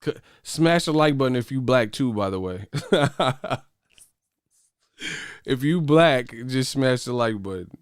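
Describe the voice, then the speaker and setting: A man's voice: medium pitch, slow, long pauses, smooth, no echo, clean studio sound. A man hosting a boxing channel who rants to his viewers in casual, profane livestream chat. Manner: profane, animated ranting.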